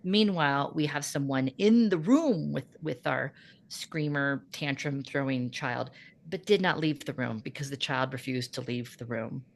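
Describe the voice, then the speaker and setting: A middle-aged woman hosting a chat show, telling an animated story about her teaching day and acting out the people in it. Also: rumbling low, a little slow, vocal fry. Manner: animated storytelling, acts out voices. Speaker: podcast host. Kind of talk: casual chat.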